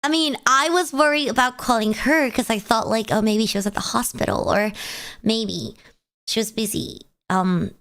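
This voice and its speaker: Woman streamer, slightly higher voice, smooth and clean tone, tearful and halting. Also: fairly bright tone. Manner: halting, hesitant, self-conscious. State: tearful, crying. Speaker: VTuber streamer. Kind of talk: casual chat stream.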